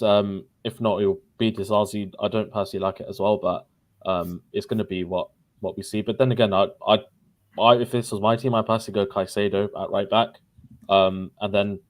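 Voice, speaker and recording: A man on a panel in a casual football chat on a live stream, speaking hesitantly with frequent pauses and restarts. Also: lowish voice, flat delivery. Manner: hesitant, full of ums and restarts.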